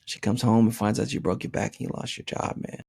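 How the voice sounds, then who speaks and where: Gravelly, husky male podcast host. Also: mid-range voice, fairly even intonation, fairly quick, a little mellow. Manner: joking and profane, says "man" constantly. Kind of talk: casual podcast monologue reading a listener email.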